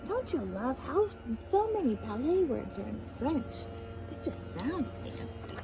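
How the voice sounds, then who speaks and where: A woman reading a children's picture book aloud, her voice swinging widely as she explains each new word. She speaks a little high, and faint music plays underneath her. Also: measured pace, low-quality recording. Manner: animated, explains fancy words to children.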